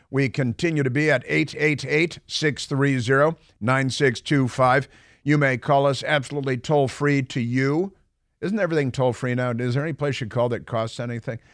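Male radio host, mid-pitched, sardonic and mocking, close dry studio sound. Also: no room sound. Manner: sarcastic, mocking asides. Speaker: radio talk show host. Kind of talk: talk radio monologue. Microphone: studio microphone.

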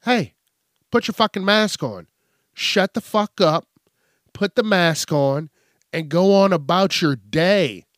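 A man's voice: high voice, slow, a bit bright, dry recording, clean studio sound. A man hosting an angry, profane news commentary rant.

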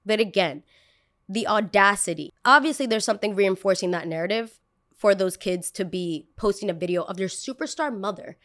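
Chatty, animated woman hosting a podcast. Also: mid-range voice, normal speed. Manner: animated and chatty, swears casually, acts out quotes. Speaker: podcast host. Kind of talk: casual podcast commentary.

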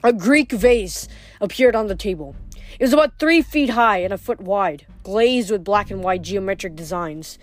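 A woman reading a novel aloud, briskly and expressively. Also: medium pitch, animated. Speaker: reader.

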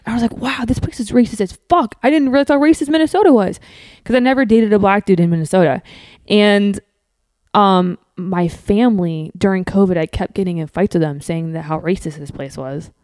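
Profane, animated young woman telling stories. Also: mid-range voice, dry recording. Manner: profane, animated, rapid storytelling with quoted asides. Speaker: podcast guest. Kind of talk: casual storytelling.

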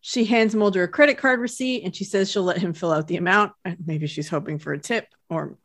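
A woman's voice: lowish voice, fairly quick, a bit bright. Chatty woman recapping an episode. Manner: chatty, laughs while retelling scenes. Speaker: podcast co-host. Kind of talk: casual recap chat.

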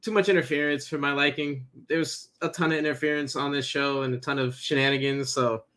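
A man co-hosting a casual wrestling review podcast, recapping the action plainly and briskly. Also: medium pitch, steady tone, fairly bright tone. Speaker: podcast co-host.

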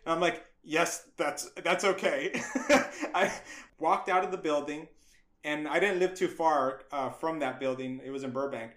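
A man's voice: on the high side, unhurried, a bit bright, roomy sound. A middle-aged man from the United States, a guest animator on a podcast, telling a story with acted-out voices, frequent laughs and casual swearing.

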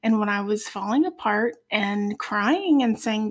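A woman from Ohio, a podcast guest, tells her faith story in an earnest, heartfelt way with many pauses. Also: medium pitch, animated. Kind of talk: personal faith testimony.

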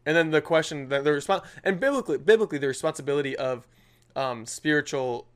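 A young man in his twenties co-hosting a relaxed podcast conversation. He talks at a brisk clip and tells stories with lively energy, peppered with fillers. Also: on the high side. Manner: animated storytelling with lots of filler. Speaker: podcast co-host. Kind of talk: casual chat.

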